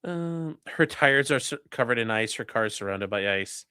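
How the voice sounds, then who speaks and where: A streamer giving casual legal commentary and reading chat, blunt, profane and mocking, swinging between loud outbursts and low muttering. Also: animated, normal speed, few pauses, clear, resonant tone, dry recording, studio quality.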